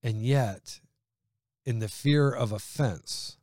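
A male preacher delivers a fervent sermon, pressing his points with emphasis and swinging between loud declarations and quieter asides. His voice sits in a middle pitch. The sound is dry and close, with little room around it. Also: slow pace, no echo.

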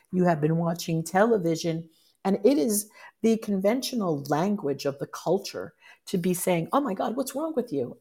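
Woman life coach, lower register, explanatory and earnest, self-correcting motivational delivery. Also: a little mellow. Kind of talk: motivational talk.

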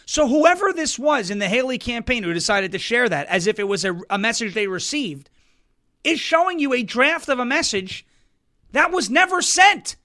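Pembawa acara pria bersuara tinggi dan terang, penuh sindiran. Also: male voice, very high-pitched, very animated, bright, forceful tone. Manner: sarcastic, mocking, quick to switch into put-on quotes. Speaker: political talk show host. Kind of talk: animated political commentary.

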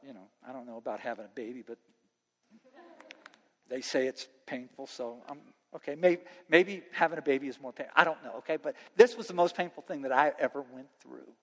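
A man preaching a sermon to students as their pastor, impassioned, swinging between loud preaching and quiet earnest talk. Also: medium pitch, long reverb tail. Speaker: youth pastor.

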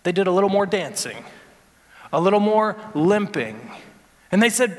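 A man preaching a sermon as pastor, animated and building to emphatic peaks. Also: high voice, moderate pace, in a large hall.

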